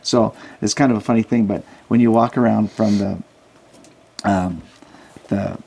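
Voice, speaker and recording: Man guest with a gravelly voice, spins energetic stories and mimics the people in them. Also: fairly low pitch, unhurried. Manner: animated anecdotes, acts out quoted voices. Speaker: guest, Christian outreach worker. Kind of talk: casual interview storytelling. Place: Salt Lake City.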